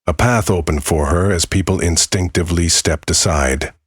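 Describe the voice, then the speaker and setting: Man, narrator, very deep voice, husky, dry close sound, measured, solemn. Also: no echo. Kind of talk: scripted dramatic narration.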